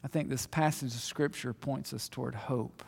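A man's voice: mid-range voice, steady tone, normal speed, vocal fry, breathy edge. Conversational male preacher in a reverberant hall. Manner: conversational, swings between loud emphatic asides and quiet reflection. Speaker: pastor. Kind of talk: sermon.

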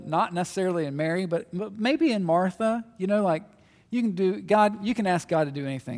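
A man's voice: high voice, lively intonation, moderate pace. Conversational male preacher in a reverberant hall. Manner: conversational, swings between loud emphatic asides and quiet reflection. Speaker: pastor. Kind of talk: sermon.

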